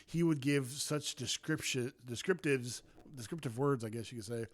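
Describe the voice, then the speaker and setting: Halting, mid-pitched man, podcast co-host. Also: no echo. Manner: halting, repeats words, laughs often. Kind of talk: casual chat.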